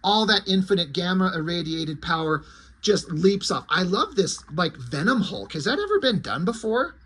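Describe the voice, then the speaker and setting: A man's voice: sits high, big pitch swings, normal speed, fairly bright tone, slightly rough. A man casually recapping a comic book story, rambling with asides along the way. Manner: rambling and conversational, with asides and fillers.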